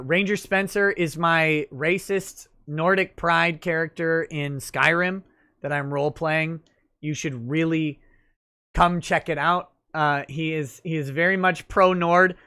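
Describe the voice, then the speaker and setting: A man's voice: a little high, bright, forceful tone. A man hosting a casual livestream show, reading viewer messages aloud with crude jokes and frequent repeated words. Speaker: livestream talk show host.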